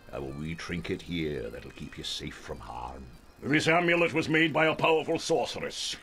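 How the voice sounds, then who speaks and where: An actor playing a sly, coaxing older man, a husky voice, in a video game. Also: medium pitch, a bit bright, heavily acted. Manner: coaxing, persuasive. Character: scheming older man, sly recruiter, wheedling.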